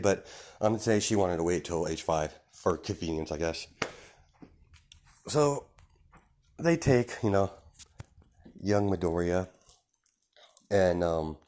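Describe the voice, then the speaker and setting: Very deep-voiced man rambling a story. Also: moderate pace, pauses often, darkish tone. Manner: rambling, many fillers. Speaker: fan-fiction storyteller. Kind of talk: casual improvised storytelling.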